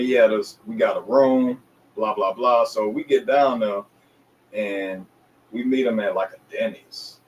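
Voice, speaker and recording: A man's voice: on the low side, a little mellow, recorded from a distance, low-quality recording. A man from the Atlanta area tells a rambling story in a laid-back interview, full of slang, and he jumps into other people's voices as he goes. He sits a little back from the mic. A faint hum of noise lies behind him. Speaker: interview guest, DJ and recording artist. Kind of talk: casual storytelling in a podcast interview.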